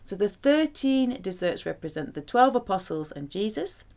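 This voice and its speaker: A French woman teaching vocabulary, pronouncing each word slowly and carefully. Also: mid-range voice, big pitch swings, darkish tone. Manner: slow, careful pronunciation drills. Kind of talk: vocabulary lesson.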